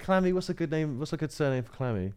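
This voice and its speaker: A man's voice: fairly high pitch, fast, smooth, no room sound. A man co-hosting a podcast, teasing his co-host in casual banter. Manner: teasing, deadpan contrarian.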